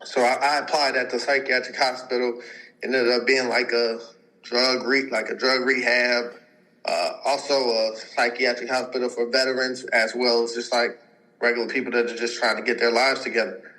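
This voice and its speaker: Speaking in a mid-range voice with a flat delivery, a moderate pace and a bright, forceful tone, a pro football player in his twenties tells a long personal story as a podcast guest. It's casual and rambling, packed with filler words and quotes he acts out, on a low-quality recording.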